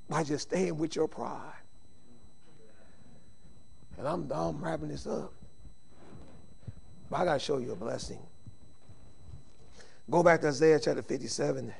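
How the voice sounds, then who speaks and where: A middle-aged man preaching a sermon, swinging from shouted emphasis to quiet, intimate speech, with informal Southern-style phrasing. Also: fairly high pitch, a little slow, creaky, pauses often, husky.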